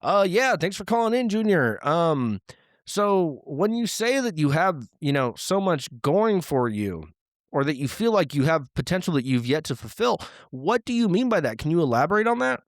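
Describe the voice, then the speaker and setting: A man voicing a hyped morning radio DJ who greets callers in a loud, announcing manner. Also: fairly high pitch, sing-song, normal speed, no echo, studio quality, voice pushed up.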